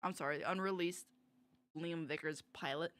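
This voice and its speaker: A woman streaming live, reacting to videos in an excitable, giggly way with frequent exclamations. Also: low voice, normal speed.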